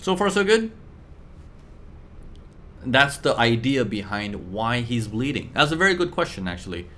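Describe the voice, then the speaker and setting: A man teaching traders in a live class, talking lively and acting out the voices of buyers and sellers. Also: medium pitch, normal speed. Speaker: trading mentor.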